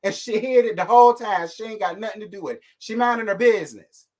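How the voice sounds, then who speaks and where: Sassy fired-up man with a high voice. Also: fast talker, darkish tone. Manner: sassy, fired-up, blunt with cursing. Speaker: host. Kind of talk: casual live-stream rant.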